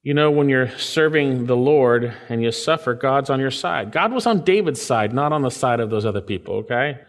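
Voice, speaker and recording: Animated preaching man in a reverberant hall. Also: normal speed. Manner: animated, pitch swings up for emphasis then drops low. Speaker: pastor. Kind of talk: expository sermon.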